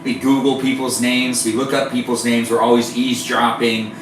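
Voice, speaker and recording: A man's voice: medium pitch, little pitch movement, moderate pace, very echoey, distant mic, noisy background. A man chatting casually with viewers on a live stream while baking, playful and rambling as he reads the chat aloud.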